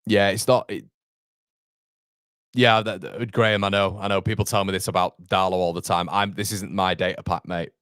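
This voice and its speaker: A fan channel host runs a watchalong, calling the match live play by play and answering viewer chat with partisan exasperation. His low voice is steady, clear and resonant, a bit bright, at normal speed, recorded dry with clean studio sound.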